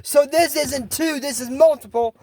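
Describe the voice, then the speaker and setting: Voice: high-pitched, moderate pace, darkish tone, voice pushed up, close to an everyday voice. A YouTuber voicing a villainous sorceress who berates others in a harsh, scolding way.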